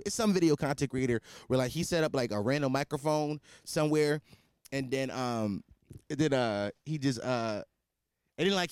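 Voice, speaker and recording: In a dry, studio-quality recording, a fairly high-voiced man in his twenties hosts a casual solo podcast. He rambles, restarts and repeats himself, cracking crude jokes and swearing freely in a slangy, blunt way.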